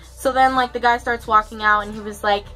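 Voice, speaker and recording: Bright-voiced young woman telling a story. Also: on the high side, fairly even intonation, fairly quick, soft background music, low-quality recording. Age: young adult. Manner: chatty, profane, filler-heavy storytelling. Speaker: vlogger. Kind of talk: casual storytime.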